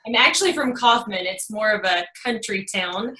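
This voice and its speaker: A woman's voice: medium pitch, moderate pace, pushed and bright, reverberant, recorded from a distance, rough recording. A woman in her thirties from Texas with a Texas twang, chatting as a guest in a casual interview with a folksy manner and plenty of fillers.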